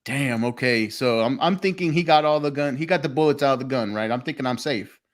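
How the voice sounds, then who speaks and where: A man hosting a loose, casual podcast at an ordinary mid-range pitch. He talks in a relaxed storytelling way, swears freely and laughs often. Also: quick pace. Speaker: podcast host. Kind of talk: casual chat. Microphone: phone call.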